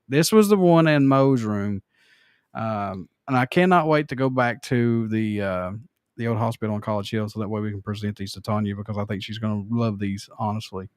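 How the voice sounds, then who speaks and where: A man's voice: fairly low pitch, moderate pace, no room sound, studio quality. A man hosting a podcast in casual chat, rambling and correcting himself as he goes. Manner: rambling, self-correcting, laid-back. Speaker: podcast host.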